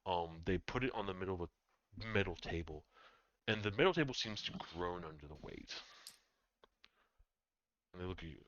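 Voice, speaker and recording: A man narrating as game master of a tabletop game, halting with many ums and restarts, in dull, dry lo-fi audio. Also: sits low, expressive, fairly bright tone.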